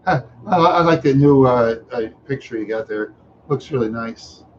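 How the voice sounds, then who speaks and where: At a moderate pace and medium pitch, a tired livestream host yawns and rambles casually, with lots of fillers and trailing asides. The lo-fi sound has a little hiss or hum.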